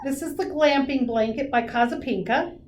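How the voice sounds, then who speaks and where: A woman's voice: sits high, moderate pace, darkish tone, reverberant. A woman co-hosting a casual chat, with dry teasing remarks. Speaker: podcast co-host.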